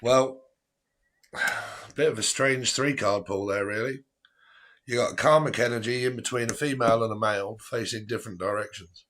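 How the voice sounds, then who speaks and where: A man's voice: mid-range voice, moderate pace, a bit bright. A man hosting a live tarot stream in a casual, chatty way, often breaking into laughter.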